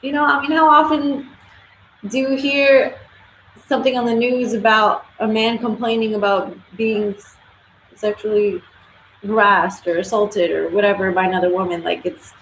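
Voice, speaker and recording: A woman's voice: medium pitch, level tone, normal speed, fairly bright tone, a little hiss or hum. A woman hosting a casual live stream, talking bluntly and opinionated, swearing freely. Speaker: livestream host. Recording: echoey room with faint ambience.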